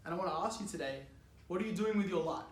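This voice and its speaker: A man's voice: high voice, very fast, echoey room. A young man from Australia giving a casual youth sermon, telling a story with lots of "like" and frequent laughs. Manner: animated, chatty, laughs often, lots of "like". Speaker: youth speaker.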